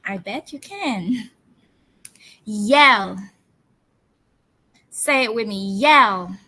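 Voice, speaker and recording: A woman English teacher leading a storytelling lesson for children, coaxing them with cheerful questions and slow call-and-response word drills. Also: a little high, animated, fairly bright tone, breathy edge, low-quality recording.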